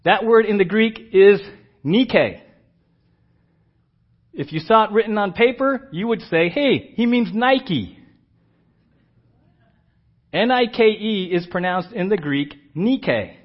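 A man preaching a sermon in a fairly high voice, moving from a casual story into emphatic teaching. The sound is dull and lo-fi. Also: lively intonation, moderate pace, few pauses. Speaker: pastor.

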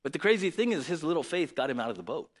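A man preaching a sermon in an animated, conversational way, often asking rhetorical questions. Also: a little high, rapid-fire. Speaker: pastor.

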